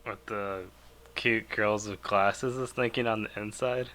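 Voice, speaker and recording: A man's voice: fairly low pitch, steady tone, unhurried, pushed and bright. A man co-hosting a casual podcast, chiming in with short, skeptical questions. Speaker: podcast co-host. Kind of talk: casual chat.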